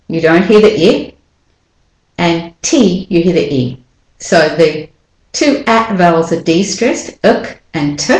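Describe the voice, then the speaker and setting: Slow, deliberate woman teaching pronunciation. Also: sits low. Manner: sounds out syllables slowly, repeating each word several times. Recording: echoey room.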